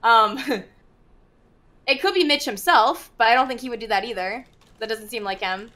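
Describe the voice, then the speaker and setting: A woman's voice: on the high side, unhurried, sharp tone. A woman talking casually on a stream, chatty and hedging, laughing between remarks.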